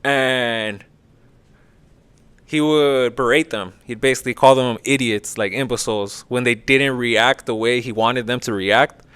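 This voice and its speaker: A man's voice: medium pitch, measured pace, a bit bright, clean tone, no room sound. A man hosting a podcast, casually retelling a story in a rambling, profane way. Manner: profane, rambling, lots of filler. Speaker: podcast host.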